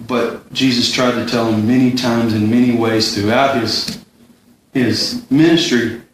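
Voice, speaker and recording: A man leading a Bible study, explaining a passage in a thoughtful, halting way and often repeating words as he gathers his thoughts. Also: mid-range voice, steady tone, slight background noise. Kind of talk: informal Bible study teaching. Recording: very echoey room, distant mic, faint ambience.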